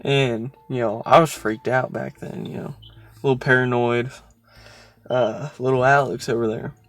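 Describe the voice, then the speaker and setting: A man hosts a casual podcast at an ordinary mid pitch. He chats loosely with a friend, laughs often and plays up his spooky stories with some drama. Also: fairly even intonation, moderate pace, a bit bright, no echo. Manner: chatty, laughs often, theatrical storytelling. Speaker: podcast host. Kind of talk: casual chat and storytelling.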